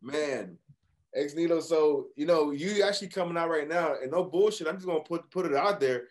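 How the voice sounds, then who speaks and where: A man's voice: a little high, a little fast. A man hosting a podcast interview, talking loosely and hyped up, full of slang and dropping into Spanish. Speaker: podcast host. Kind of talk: casual interview chat.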